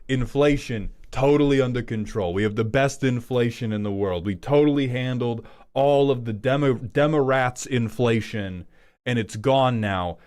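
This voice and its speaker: A man's voice: medium pitch, darkish tone, natural voice. A man doing a blustering older politician. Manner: blustering, repetitive, pompous. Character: boastful older male politician, blustering and smug.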